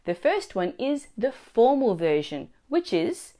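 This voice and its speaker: A woman teaching a language lesson, explaining phrases and their pronunciation clearly and slowly. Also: a little high, sing-song, mellow. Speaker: Italian teacher.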